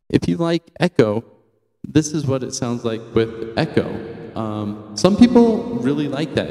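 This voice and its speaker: A man giving a casual, chatty product review from a quiet small room, easily impressed, speaking into a cheap wireless handheld mic. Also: mid-range voice, dry recording, rough recording. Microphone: the reviewed unit's wireless handheld mic.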